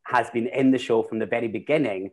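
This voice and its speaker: A man's voice: mid-range voice, quick pace, darkish tone. A Scottish man, a drag performer and actor, talking casually and rambling through stories with many restarts. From Scotland. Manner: chatty, rambling, with frequent restarts. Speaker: guest, drag queen and actor. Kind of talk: casual chat.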